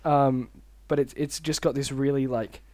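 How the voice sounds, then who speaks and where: A young man chats easily on a podcast, his sentences drifting and trailing. He speaks at a middling pitch. The recording is dry and close. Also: steady tone, moderate pace, darkish tone, dry recording. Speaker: podcast co-host. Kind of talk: casual chat.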